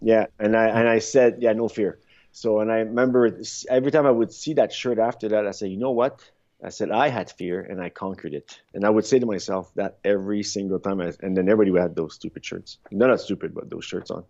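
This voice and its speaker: Low, dark-voiced man telling stories. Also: fast. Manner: rambling, animated, frequent restarts. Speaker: podcast guest, former luge athlete. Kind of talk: casual interview storytelling. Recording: dull lo-fi sound.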